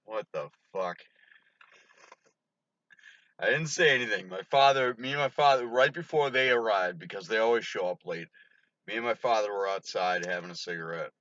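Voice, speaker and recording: A man's voice: fairly low pitch, moderate pace, a bit bright, slight background noise. A drunk man rambling through stories to camera, swearing and laughing often. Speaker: vlogger. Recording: dull lo-fi recording.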